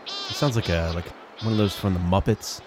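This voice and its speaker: A man's voice: sits low, normal speed, background noise. A man giving casual reaction commentary on bird sounds, joking, exclaiming and swearing.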